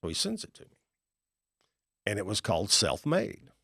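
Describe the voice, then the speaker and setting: A man's voice: fairly low pitch, moderate pace, breathy edge, no room sound, clean studio sound. A middle-aged man, a real estate investor telling folksy stories in a podcast interview and acting out the people in them. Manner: folksy, animated storyteller acting out dialogue.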